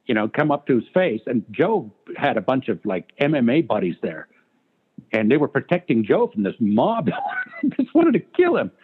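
Brief: raspy-voiced comic guest, lively swooping delivery, tinny phone-line sound. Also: male voice, medium pitch. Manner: animated, profane anecdotes. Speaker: guest, stand-up comedian. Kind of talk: casual storytelling chat.

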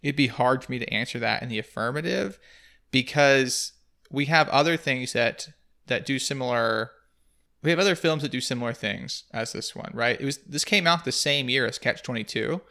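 A man's voice: mid-range voice, moderate pace, pushed and bright. A man hosting a podcast, discussing a film in a thoughtful, analytical way and asking leading questions. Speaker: podcast host.

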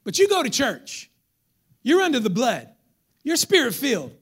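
Preaching to his congregation, this man has a very high-pitched, somewhat breathy voice and keeps a moderate pace. His sermon is lively, full of jokes for the crowd and little impersonations of the people listening.

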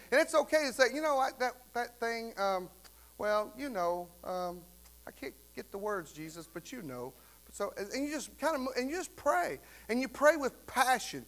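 A man preaching a sermon in a conversational way, often checking in with "right?" and rising to loud, fervent bursts. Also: high-pitched. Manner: repeats "right?" to the congregation. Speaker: pastor.

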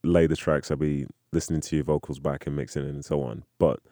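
A man chatting casually as a co-host, telling stories with an animated, joking manner. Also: rumbling low, dry recording, studio quality. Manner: animated, jokey storytelling with quick impressions. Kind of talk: casual chat.

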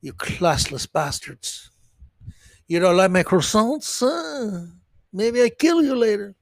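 A sneering French snob put on by a man with a mock French accent, scornful and insulting. The voice sits fairly high and the sound is dry and close. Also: lively intonation, slow pace, dry recording, exaggerated voice. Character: rude snobbish Frenchman mocking Americans.

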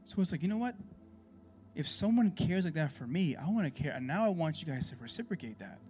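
A man leading a church Bible class in a casual, sermon-style way, animated and conversational, full of rhetorical questions. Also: a little high, a little fast.

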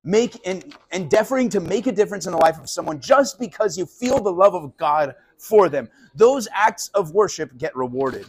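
Husky-voiced pastor guy preaching, talks pretty high and chatty, acts out the characters. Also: moderate pace, few pauses. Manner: animated, casual, acts out quoted voices. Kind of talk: conversational sermon. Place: live sermon at a college venue.

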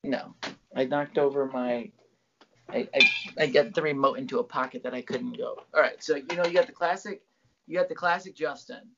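A man's voice: mid-range voice, moderate pace, vocal fry, dull audio, heavy background noise. A man co-hosting a casual podcast over a video call, rambling and joking with his friend with plenty of swearing. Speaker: podcast co-host. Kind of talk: casual banter.

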